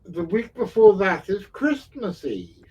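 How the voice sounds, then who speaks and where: A man's voice: sits high, big pitch swings, takes it slowly, darkish tone, husky, rough recording. A man hosting a casual online talk show, rambling and self-mocking. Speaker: podcast host. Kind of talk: casual chat.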